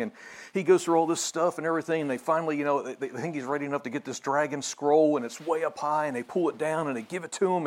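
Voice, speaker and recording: Guy pastor preaching, chatty and loose, lots of ums and restarts, mid-pitched. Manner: conversational preaching with many fillers and restarts. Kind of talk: sermon.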